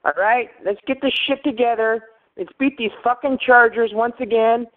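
A man's voice: very high voice, fairly even intonation, moderate pace. Worked-up man calling in by phone. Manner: worked up, rambling, profane. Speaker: caller. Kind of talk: phone-in fan message. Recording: phone line.

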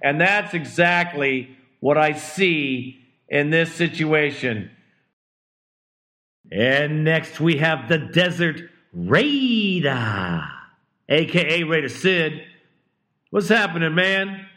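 A man's voice: on the high side, big pitch swings, slow pace, bright, forceful tone. A man hosting a fan talk show, commenting in a laid-back, wry way. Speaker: host.

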